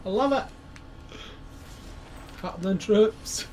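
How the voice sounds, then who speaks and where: A man with a Scottish accent giving excitable, sweary commentary while playing a video game with his brother. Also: high-pitched, takes it slowly, slight background noise. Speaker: let's play co-host. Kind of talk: casual gaming commentary.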